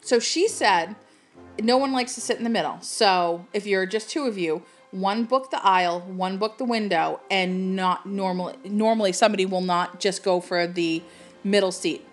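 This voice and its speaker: A woman from Cape Cod co-hosting a casual podcast, chatty and laughing often with quick asides. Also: mid-range voice, faint music behind. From Cape Cod, Massachusetts. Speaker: podcast co-host.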